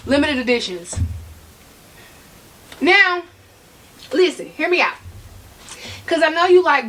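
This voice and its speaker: A woman's voice: sits high, lively intonation, slow pace, long pauses, bright, forceful tone. A woman vlogger giving casual advice to camera, chatty and prone to tangents, repeating points for emphasis and addressing her viewers directly.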